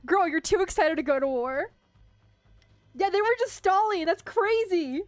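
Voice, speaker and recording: A woman streamer chatting casually during a game, gushing excitedly about the characters. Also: very high voice, normal speed, no room sound, soft background music. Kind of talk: casual chat while playing a game.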